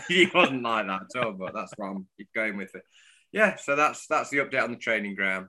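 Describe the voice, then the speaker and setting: A man talking football on a podcast with a very bright, forceful tone. His pitch swings widely as he jokes, laughs and swears through the chat. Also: fairly quick. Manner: animated, laughing, sweary banter. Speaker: podcast co-host.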